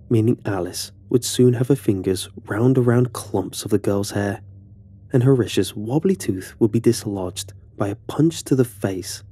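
Low husky-voiced male horror narrator. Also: mellow.

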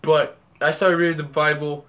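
A man's voice: on the high side, level tone, moderate pace, a bit bright. A young man telling a story about a dream in a rambling way, repeating words and acting out the scenes. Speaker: vlogger.

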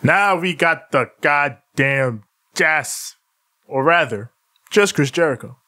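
A man's voice: a little high, animated, slow pace, sharp tone. A man co-hosting a casual wrestling podcast, recapping a show and acting out the wrestlers' lines with frequent laughter. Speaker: podcast co-host.

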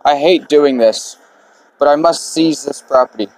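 A man's voice: fairly high pitch, a little slow, darkish tone, natural voice, rough recording. A man voicing a reluctant young debt collector. He speaks in a polite, hesitant and apologetic way while reading the game's dialogue aloud.

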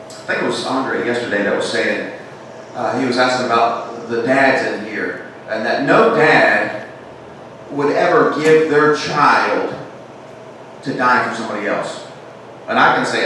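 A man's voice: mid-range voice, distant mic, a little hiss or hum. Preaching man in an echoey church. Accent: Southern American. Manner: rises to emphatic preaching then drops to hushed tones. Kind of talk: sermon. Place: church sanctuary.

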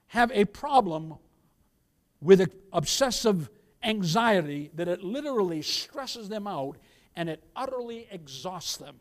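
A pastor preaching a church sermon, emphatic, firing rhetorical questions, calling for amens and addressing the congregation as beloved. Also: male voice, high-pitched, lively intonation, measured pace. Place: church service.

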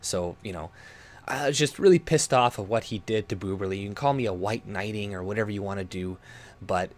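A man's voice: lowish voice, a little fast. A man from Canada ranting to camera as a YouTube commentator, swearing often and mocking others in put-on voices.

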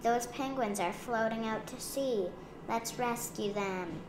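An eager little polar bear girl, loud and bossy in a storybook, as a woman reads her with a raised, bouncy pitch. She is recorded in an echoey room with a steady hiss behind. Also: slow pace. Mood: excited.

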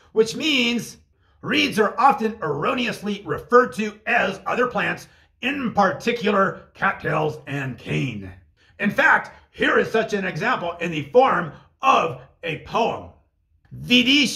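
A man's voice: high voice, gravelly, sharp tone. A man narrating a scripted language lesson, reading phrases in another language and translating each one. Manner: bilingual, translating Russian phrases line by line. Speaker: language teacher.

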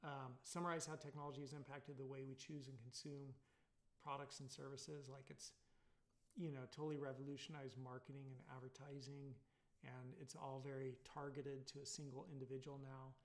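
In a casual recorded college lecture, a male instructor with a Californian accent rambles along at a moderate pace, his medium-pitched delivery flat and full of fillers and tag questions.

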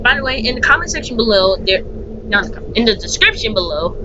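A man's voice: very high voice, expressive, quick pace, dull audio. A young man chatting casually and rambling while playing a game with a friend. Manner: chatty, rambling, laughing often. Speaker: gaming channel host. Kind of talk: casual gaming chat with a friend. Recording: noisy home recording.

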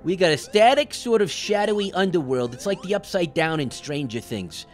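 A man's voice: high voice, animated, normal speed, faint music behind. A man voicing a jittery, wisecracking talking orange who hosts cartoon game commentary, yelping and joking as he plays. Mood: scared. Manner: jumpy, yelps and shouts when startled, jokey asides. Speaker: gaming host. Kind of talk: cartoon let's-play commentary.

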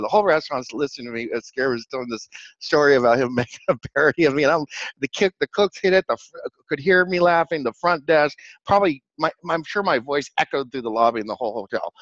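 A man hosting his own channel, telling a rambling, excitable story in a casual vlog recap, laughing often and repeating words as he goes. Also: medium pitch, dry recording. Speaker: channel host. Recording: dull lo-fi dry recording.

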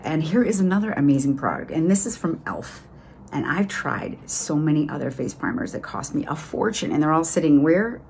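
A woman's voice: low-pitched, sing-song, brisk, gravelly, darkish tone, a little hiss or hum. A middle-aged woman with a Boston accent, chatting enthusiastically through a casual makeup tutorial with lots of fillers. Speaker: beauty vlogger.

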